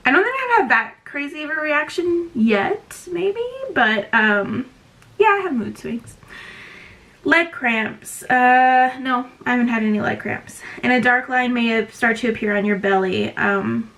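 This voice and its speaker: A woman's voice: fairly high pitch, lively intonation, unhurried, a bit bright. A young woman vlogging a candid pregnancy update, chatty and frank with many ums, sighing and feeling nauseous. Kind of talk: casual pregnancy update vlog.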